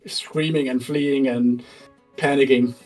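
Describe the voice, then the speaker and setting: A man narrating as game master of a tabletop game, animated and laughing often, halting with fillers. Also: medium pitch, soft background music, low-quality recording.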